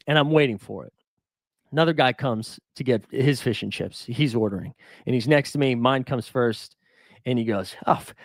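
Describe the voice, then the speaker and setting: A man hosts a laid-back fantasy baseball stream, talking in a rambling, self-deprecating way with the odd chuckle. His voice sits a little higher than most men's. The sound is dry, with no room echo. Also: a bit bright. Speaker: fantasy baseball show host. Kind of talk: casual live-stream chat.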